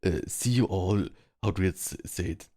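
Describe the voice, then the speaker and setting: Deep gravelly man with German accent. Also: fairly even intonation, a little fast, darkish tone, no echo, clean studio sound. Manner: rambling, lots of "like" fillers, practicing word sounds aloud. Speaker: VR social game player. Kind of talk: casual chat. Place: online virtual world, speaking from home.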